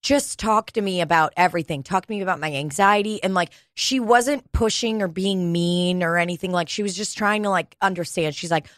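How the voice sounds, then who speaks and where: A woman's voice: on the low side, fairly quick, few pauses, no echo, clean studio sound. A woman co-hosting a podcast, telling a story in casual, profane chat. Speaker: podcast co-host. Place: podcast studio.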